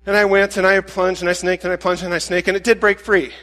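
Animated male pastor telling a story. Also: high-pitched, quick pace, big-room sound. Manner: animated, self-deprecating anecdote with many restarts. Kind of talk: storytelling sermon.

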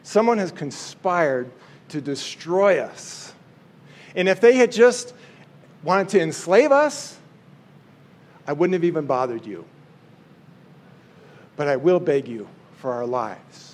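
A man's voice: on the high side, big pitch swings, slow pace, pauses often. A man voicing a young queen who pleads earnestly and solemnly. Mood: pleading. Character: grave young queen pleading for her people.

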